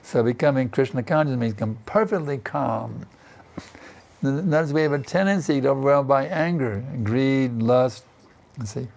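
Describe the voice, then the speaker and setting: This is an older man's voice, medium in pitch and normal in speed, with vocal fry and a slightly mellow quality. He's a spiritual teacher giving a scripture class at a temple in Vrindavan, speaking conversationally and often saying "isn't it" and "you see."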